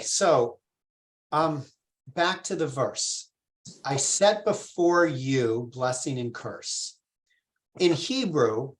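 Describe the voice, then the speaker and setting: Rabbi teaching a casual text class; patient, informal, asks the group questions. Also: medium pitch. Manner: informal, with fillers and restarts. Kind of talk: conversational Torah class.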